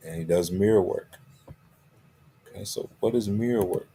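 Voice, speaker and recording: A man's voice: deep voice, normal speed, warm tone, a little hiss or hum. A man giving a motivational talk as a coach. He stresses his key phrases and keeps checking in with "right?" and "okay?". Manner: emphatic, repeats key phrases.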